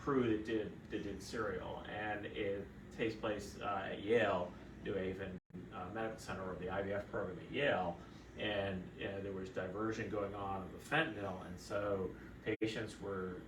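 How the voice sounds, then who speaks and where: A man, a fertility doctor, chatting casually and telling animated stories, with a distant mic in a roomy space and steady background noise. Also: fairly low pitch, normal speed. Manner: animated storyteller, acts out quoted voices. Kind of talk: casual conversational storytelling.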